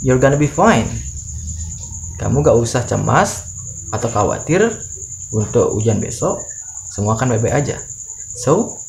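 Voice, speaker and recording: A man's voice: medium pitch, expressive, normal speed, gravelly, long pauses, a little hiss or hum. A man from Indonesia with an Indonesian accent, teaching English phrases in a bilingual lesson. He reads each example twice and then translates it.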